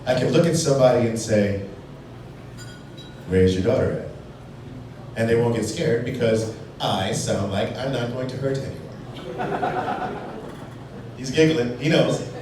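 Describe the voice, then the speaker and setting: A man's voice: medium pitch, a little mellow. A man from Chicago performing a stand-up comedy set on a brew pub stage, talking in a wry, playful way. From Chicago, USA. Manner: wry, playful, quick jumps into put-on voices. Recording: distant, echoey, noisy live bar recording. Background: audience laughter and bar noise.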